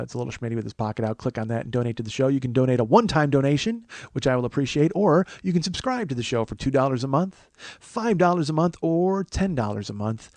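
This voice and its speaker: A man's voice: medium pitch, a little mellow, no room sound. A man in his forties hosting a comedy podcast, rambling, self-mocking and crude in casual chat. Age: 40s. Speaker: podcast host.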